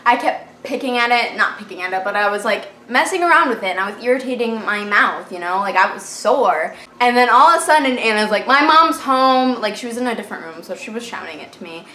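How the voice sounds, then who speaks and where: A fifteen-year-old girl telling a storytime vlog, animated and dramatic, full of "like" fillers, recorded on a camera mic in a bedroom. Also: on the high side, a little fast, few pauses. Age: teens. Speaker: vlogger. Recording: echoey room with faint hiss.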